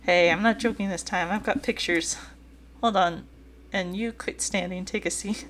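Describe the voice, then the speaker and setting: A woman's voice: medium pitch, fairly even intonation, moderate pace, a bit bright, slight background noise, lightly acted. A woman voicing a folksy, joking older male boat owner with a light put-on Southern drawl while reading a dating game aloud. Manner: teasing, folksy storytelling.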